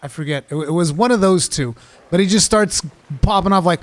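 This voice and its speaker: A man streaming a hunting game, chatting with teammates and yelling and cursing at monsters as he plays. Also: sits high, a little fast. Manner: excitable, swears and yells at monsters; loose storytelling to teammates. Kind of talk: casual gameplay commentary.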